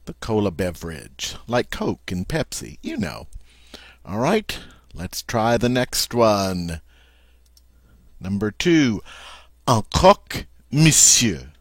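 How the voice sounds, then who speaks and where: A man teaching French vocabulary, repeating each word slowly and with emphasis. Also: fairly low pitch, big pitch swings, creaky, no echo, clean studio sound. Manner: slow, careful, emphatic repetition of words. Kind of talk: vocabulary lesson.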